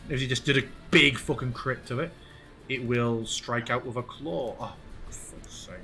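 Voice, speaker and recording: A man narrating as game master of a tabletop game, relaxed and casually swearing. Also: medium pitch, normal speed, a little hiss or hum.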